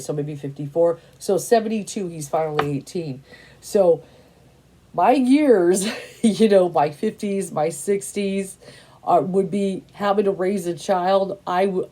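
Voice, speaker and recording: Low, mellow-voiced woman in her fifties. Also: a little slow. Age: 50s. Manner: emphatic, repetitive, peppered with "you know" and "and stuff"; blunt, swears casually. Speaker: tarot reader. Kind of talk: casual opinionated monologue.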